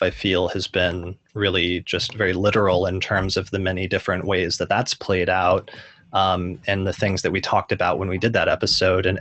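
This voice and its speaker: Male podcast host, low monotone, dry close recording. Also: dry recording. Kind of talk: casual chat.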